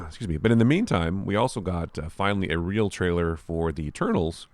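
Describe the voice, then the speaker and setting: A man's voice: low voice, expressive, brisk, a little mellow, no echo. A man co-hosting a podcast, chatting casually about films and rambling with many restarts. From Southern California. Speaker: podcast co-host. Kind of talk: casual chat.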